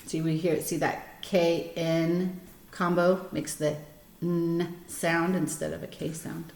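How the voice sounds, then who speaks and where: Middle-aged librarian lady reading aloud to kids, slow and low, chatty with lots of ums, echoey room. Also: flat delivery, gravelly. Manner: gentle, chatty teacher talk with many ums. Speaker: school librarian. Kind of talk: storytime read-aloud to children. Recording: roomy echo.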